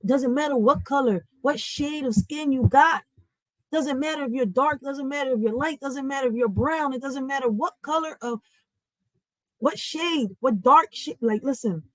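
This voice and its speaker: A woman's voice: high-pitched, dry recording, poor audio. A woman, hosting a livestream from home in an impassioned, preachy rant, swearing freely. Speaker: livestream host.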